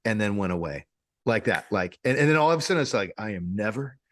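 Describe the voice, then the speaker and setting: A man co-hosting a podcast, telling a story in a casual, animated way, often laughing and restarting his sentences. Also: on the low side, fast talker, no room sound, studio quality. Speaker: podcast co-host.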